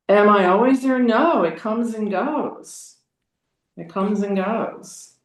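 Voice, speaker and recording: Slow, gravelly older woman. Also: mid-range voice. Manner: slow, searching, restarts. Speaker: group participant. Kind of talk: reflective spiritual sharing. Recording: roomy echo.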